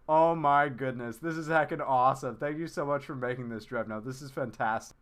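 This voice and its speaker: A man hosting a live-stream clip tournament in casual chat, excitable and rambling with lots of fillers. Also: mid-range voice, fairly quick, few pauses, smooth.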